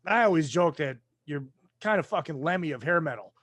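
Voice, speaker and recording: A man's voice: fairly high pitch, animated, brisk, fairly bright tone, dry recording. A man co-hosting a podcast, asking questions in a joking, chatty way. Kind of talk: casual chat.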